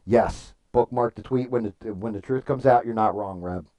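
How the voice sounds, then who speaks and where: A man with a fairly low, warm voice at a moderate pace chats casually on a livestream. He tells rambling stories, swears freely, and reads viewers' comments aloud as he responds.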